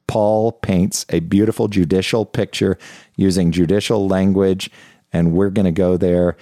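A man's voice: low voice, fairly even intonation, measured pace, dark tone, dry recording, studio quality. A middle-aged male pastor preaching a sermon in an earnest, confessional way, often repeating and restarting phrases.

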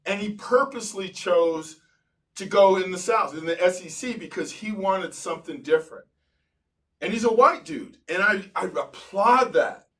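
A man's voice: sits high, moderate pace. A man hosting an interview as a psychologist, telling stories with animation and acting out the voices of people he quotes. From Colorado, United States. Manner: animated storytelling, acts out other people's voices. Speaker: psychologist and podcast host. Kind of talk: casual conversational interview. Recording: voice sounds distant from the mic.

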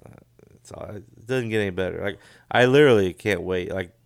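A middle-aged man co-hosting a casual chat, relaxed and chuckling often, trailing off into mumbles. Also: lowish voice, brisk, creaky, clean tone, no room sound, clean studio sound.

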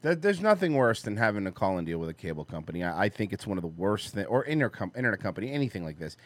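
A man's voice: on the low side, big pitch swings, very fast, no echo. Male podcast co-host, dry close mic, wry and profane. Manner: profane, wry, riffs on news. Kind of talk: casual chat.

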